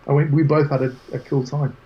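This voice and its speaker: A man as an interview guest, telling lively anecdotes with quoted voices in casual chat. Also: on the high side, a little fast, highs cut off. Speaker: guest photographer.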